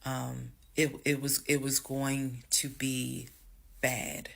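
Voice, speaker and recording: A woman telling a personal story to her viewers, emphatic and dramatic, slowing down to stress words and then rushing ahead. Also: rumbling low, level tone, creaky, fairly bright tone. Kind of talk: casual storytime monologue.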